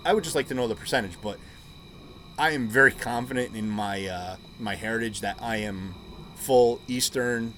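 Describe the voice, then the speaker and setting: A man's voice: mid-range voice, normal speed, fairly bright tone, a little hiss or hum. A man in casual chat, blunt and joking, swearing now and then. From United States.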